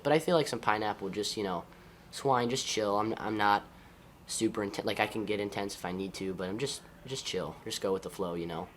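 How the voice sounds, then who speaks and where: A high school senior football player from Ohio with an Ohio accent, answering interview questions in an easygoing, upbeat way. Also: male voice, slight background noise. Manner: upbeat, easygoing, laughs often.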